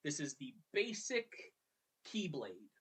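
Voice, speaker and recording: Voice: mid-range voice, breathy edge. Chatty podcast host retelling a game. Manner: chatty and animated, drops into quick character voices. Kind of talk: casual retelling of a video game story.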